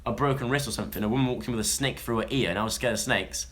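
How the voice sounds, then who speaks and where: A man's voice: medium pitch, racing. A young man, chatting casually as he reads odd news stories to viewers, jokey and rambling. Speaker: vlogger. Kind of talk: casual chat, reading news stories to a live audience.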